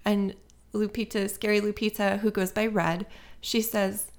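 A woman's voice: medium pitch, level tone, unhurried. A woman co-hosting a casual podcast, telling a story in a loose, chatty way with lots of fillers and frequent swearing. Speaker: podcast co-host. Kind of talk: casual chat, movie review.

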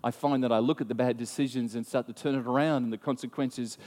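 A man preaching a sermon, telling a story in an animated way with frequent restarts. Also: mid-range voice, fast, big-room sound. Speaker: pastor.

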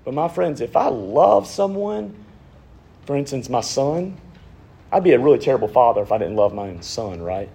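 A man in his thirties, a pastor preaching a sermon, swinging from raised emphasis down to hushed, near-whispered lines. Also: medium pitch, very animated, moderate pace, gravelly, slightly rough.

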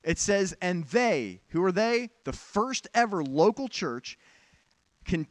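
A man's voice: high-pitched, big pitch swings, takes it slowly, dry recording. A pastor giving a sermon in a candid, conversational way, with frank asides to his congregation.

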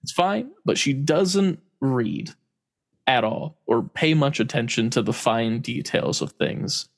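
A man's voice: medium pitch, big pitch swings, slow pace, vocal fry. A man in casual chat, telling a story with frequent laughs and casual swearing.

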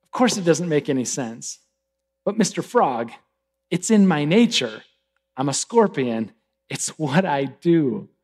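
A man doing a sly hushed scorpion. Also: a little high, sing-song, unhurried, voice pushed down, full character voice. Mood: matter-of-fact. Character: sly, calm male scorpion in a fable.

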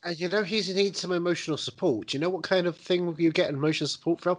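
A man's voice: high voice, quick pace. A man co-hosting a podcast, chiming in with sarcastic jokes and wisecracks. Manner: sarcastic joking interjections. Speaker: podcast co-host. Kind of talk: casual chat.

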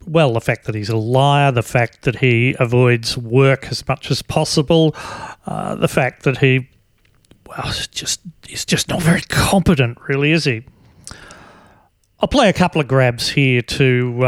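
A man hosting a podcast in slow, unhurried commentary. His voice sits a bit high and the recording is close and dry, with no room sound. He rambles sardonically and fills gaps with ums and uhs. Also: no room sound. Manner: sardonic, rambling with many fillers. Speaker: podcast host. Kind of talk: casual commentary.

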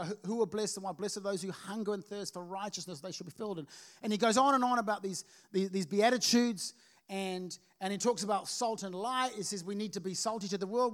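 A man with a notably high voice preaches to his church, telling stories with lots of energy. He keeps restarting his sentences as the thoughts tumble out. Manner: storytelling, energetic with frequent restarts. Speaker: pastor. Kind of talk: sermon. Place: church service.

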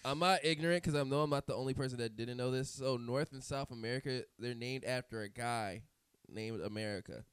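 A man's voice: medium pitch, a little fast, few pauses, smooth, no echo. A man from Maryland co-hosting a comedy podcast, wisecracking and swearing in casual banter. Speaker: podcast co-host. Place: home basement studio.

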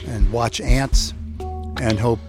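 A man telling a personal story in a reflective, halting way. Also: medium pitch, fairly even intonation. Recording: music bed underneath.

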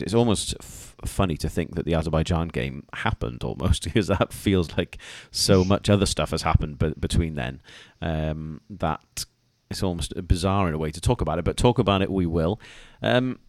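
A man co-hosting a podcast, telling a story with animated energy and laughing as he goes. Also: low-pitched, normal speed, hardly any pauses, dry recording. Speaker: podcast co-host. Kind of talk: casual podcast chat.

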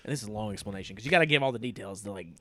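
A man's voice: fairly low pitch, very fast, no room sound. A man, casually recapping a movie as podcast co-host, laughing often. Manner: laughs often, animated storytelling.

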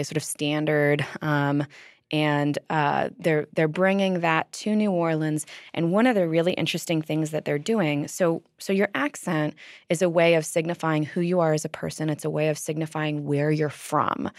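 Low-voiced woman explaining with many ums. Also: no echo, clean studio sound. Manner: thoughtful, many ums and uhs. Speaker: linguist interviewee. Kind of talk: explanatory interview talk.

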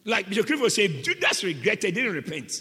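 A man preaching a sermon as a pastor, impassioned, surging from hushed lines to shouts. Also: high voice, big pitch swings, a little fast, long reverb tail.

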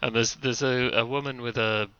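A man's voice: mid-range voice, fairly even intonation, moderate pace, sharp tone, clear, resonant tone, no echo, lo-fi sound. A man in casual film-podcast chat with a laid-back, amused manner. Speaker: podcast co-host. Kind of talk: casual chat about films.

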